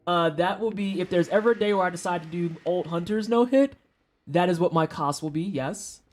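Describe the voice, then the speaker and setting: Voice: medium pitch, a little fast. A streamer chatting casually with viewers during a gameplay session, swearing freely and joking around. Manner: profane, joking, talks to chat. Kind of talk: casual livestream chat while gaming.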